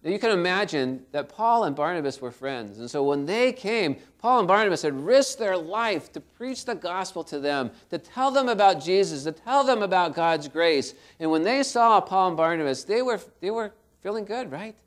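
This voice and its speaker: A man preaching a sermon as pastor, telling a story and swinging between loud and soft. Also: sits high, expressive, moderate pace, hardly any pauses.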